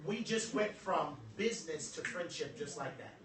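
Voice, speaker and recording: A man's voice: a little high, normal speed, crowd noise. A man giving a live talk to an audience, joking and preaching as he teaches. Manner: animated, joking, preacher-like delivery. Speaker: motivational speaker. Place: event room with audience. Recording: echoey room from far off, some noise.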